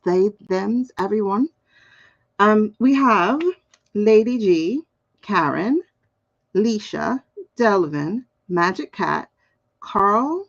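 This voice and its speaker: A woman's voice: medium pitch, gravelly. A playful, chatty woman, doing a live tarot reading and talking to viewers by name. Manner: playful, lively, laughs often, talks to chat by name. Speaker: tarot card reader. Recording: slightly dull lo-fi stream audio.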